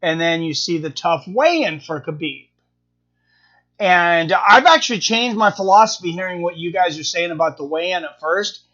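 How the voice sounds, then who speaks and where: Man, high voice, live stream host, rambling casual chat, full of fillers and restarts, dull lo-fi audio. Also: lively intonation, moderate pace, pushed and bright. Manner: rambling, thinking aloud with many fillers and restarts.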